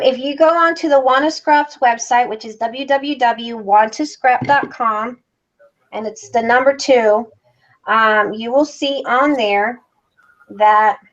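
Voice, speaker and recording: A woman chats casually while crafting on a livestream, reading viewer comments aloud as she works. Her voice sits a little high. The recording sounds dull and lo-fi. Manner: chatty, reads out viewer comments while working.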